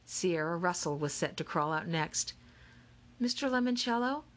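A woman narrating a children's novel in a lively, expressive storytelling manner. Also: low voice, normal speed. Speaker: audiobook narrator. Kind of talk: scripted narration.

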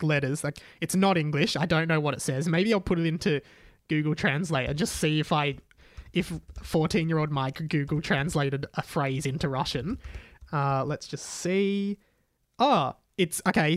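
A man's voice: on the high side, dry recording, clean studio sound. A young man reading his old fan story aloud and mocking it, laughing often as he comments. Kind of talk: casual comic reading with commentary.

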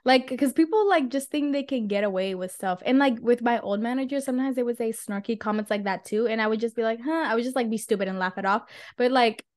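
A woman's voice: a little high, fast talker, few pauses, a little mellow. A young woman hosting a casual podcast, venting about old bosses and filling her talk with "like" and swearing. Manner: laughs often, says "like" a lot, swears when venting. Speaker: podcast host.

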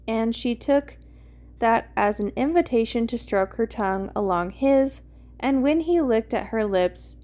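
A woman's voice: fairly high pitch, a little mellow. A woman podcast host reading fan fiction aloud casually, with small slips and asides.

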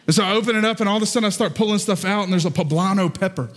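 Male pastor, Southern accent, high voice, playful storyteller, reverberant hall. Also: racing. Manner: lively storytelling with playful asides. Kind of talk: sermon.

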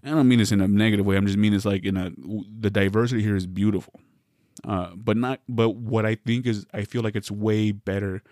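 A man's voice: on the low side, fairly even intonation, a little fast, darkish tone, no echo, studio quality. A man from the West Coast, hosting a solo podcast, riffing through a meandering, wry comedic monologue with many self-interruptions.

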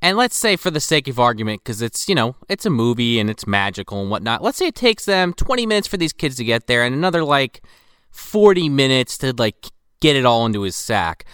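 A man's voice: medium pitch, very animated, fairly quick, a bit bright, clean tone, no room sound, studio quality. A man co-hosting a comedy podcast, making wry, analytical jokes about a movie's plot. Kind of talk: casual comedic movie commentary.

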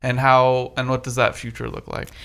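A man co-hosting a podcast in a smooth, resonant voice with a bright edge. He asks long, rambling questions with several parts. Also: medium pitch, completely flat delivery, moderate pace. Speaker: podcast co-host. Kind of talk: casual podcast interview.

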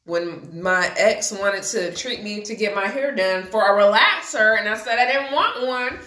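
A woman in a casual group chat, talking in an animated way. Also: medium pitch, normal speed. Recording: echoey room.

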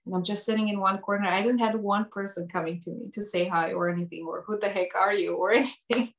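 A woman at a middling pitch tells a personal story in a conversation. She talks animatedly, often restarting her sentences and leaning on "like" as she goes. She works as a hair educator. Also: quick pace, reverberant. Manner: animated, frequent restarts and "like" fillers.

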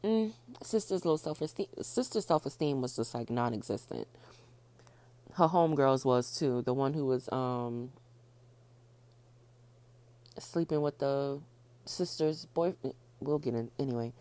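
A woman hosting her own podcast, talking fast and casually, repeating points for emphasis. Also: extremely low pitch, warm tone. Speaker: podcast host. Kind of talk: casual solo podcast talk.

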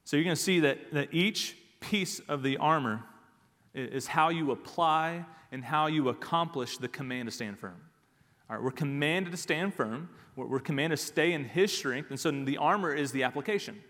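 At normal speed, a man with a fairly high voice preaches in a church sanctuary, the sound carrying a long hall reverb. Like a pastor in mid-sermon, he stresses each point by repeating key phrases and keeps returning to "all right."

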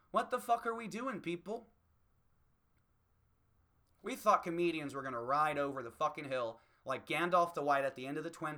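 A man's voice: on the high side, bright, forceful tone. A man doing a heated, profane stand-up rant as a comedian.

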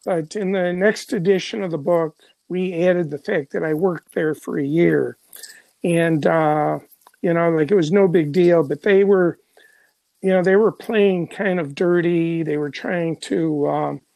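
A man's voice: fairly high pitch, fairly even intonation, slow, gravelly, darkish tone, dry recording. An older man from Chicago, a journalist telling stories in an interview, rambling with many fillers and restarts. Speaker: journalist guest. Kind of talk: conversational storytelling.

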